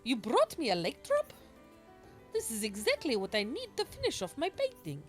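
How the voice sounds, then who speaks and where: A woman voicing a gentle female artist from a machine race in a video game, reading the lines aloud in a put-on accent. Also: on the high side, huge pitch swings, normal speed, faint music behind, pitched above the performer's own voice.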